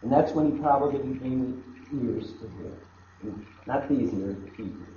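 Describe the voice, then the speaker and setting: A man preaching a sermon, emphatic and repetitive, dropping to a hush and then rising loud. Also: medium pitch, normal speed, slight background noise. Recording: echoey, dull hall recording.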